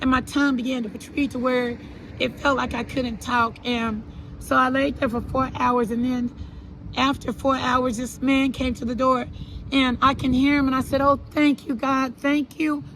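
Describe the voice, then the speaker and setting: A woman telling her own story to an interviewer in an earnest, halting way, repeating herself and restarting her sentences. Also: high voice, flat delivery, a bit bright, slight background noise, rough recording. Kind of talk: personal account in an interview.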